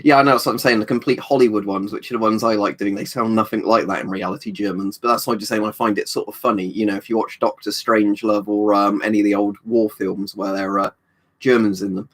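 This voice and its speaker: A man's voice: fairly low pitch, steady tone, fast, a bit bright. Casual rambling man. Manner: rambling, swears casually, many fillers. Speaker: streamer reading chat. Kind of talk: casual live-stream chat.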